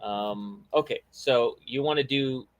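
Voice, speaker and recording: A man's voice: mid-range voice, slow. A man hosting a casual talk show, chatting loosely with plenty of fillers and restarts. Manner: rambling, friendly, many fillers and restarts. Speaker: podcast host. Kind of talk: casual chat.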